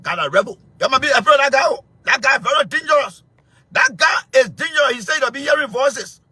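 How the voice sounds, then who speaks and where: High-voiced, fiery Liberian man. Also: animated, fairly quick, breathy edge, dry recording. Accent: Liberian English. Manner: confrontational, repetitive, shouting at times. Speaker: show host. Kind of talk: heated political commentary.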